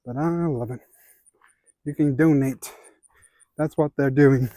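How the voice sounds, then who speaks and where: A man's voice: mid-range voice, takes it slowly, warm tone, dry recording. A man with an Ozark Southern accent, chatting easily to viewers while hiking an outdoor trail on a handheld camera, a little out of breath from the climbs. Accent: Ozark Southern American. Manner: chatty, easygoing, talks to viewers while walking. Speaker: hiking vlogger. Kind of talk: casual walking vlog.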